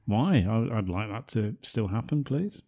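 A man co-hosting a podcast, casual and playful, quick to joke and tease. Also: on the low side, big pitch swings, a little mellow. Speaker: podcast co-host. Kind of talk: casual comedic chat.

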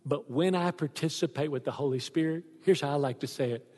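A man's voice: fairly high pitch, a little fast. A man, preaching a sermon as a pastor, telling stories animatedly and acting out the voices in them. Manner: animated storytelling, acts out voices in quotes. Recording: long hall reverb.

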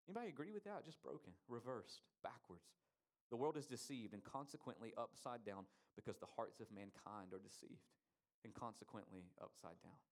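A man preaching a sermon, asking the congregation rhetorical questions and stressing key words. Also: mid-range voice. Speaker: pastor.

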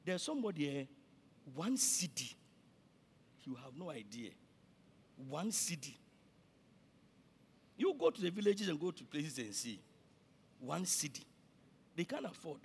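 A male pastor with a Ghanaian accent, preaching a sermon that swings between shouting and quiet, and he repeats himself often. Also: a little high, big pitch swings, measured pace, long pauses, husky.

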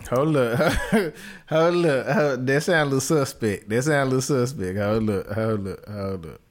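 A young man hosting a casual reaction video, talking in an animated, dramatic way and laughing often. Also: medium pitch, unhurried. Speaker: band reaction host. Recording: music playing loudly behind. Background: marching band music.

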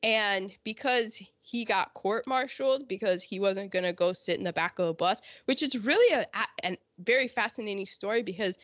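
A woman's voice: medium pitch, animated, moderate pace, hardly any pauses, fairly bright tone, no echo. An American woman hosting a casual history chat, sarcastic, often mocking people in quoted voices. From United States. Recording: dull lo-fi sound.

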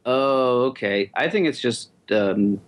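A man's voice: mid-range voice, animated, slow pace. A man co-hosting a casual podcast, laid-back and a little hesitant. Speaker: co-host, animation storyboard artist. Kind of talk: casual chat.

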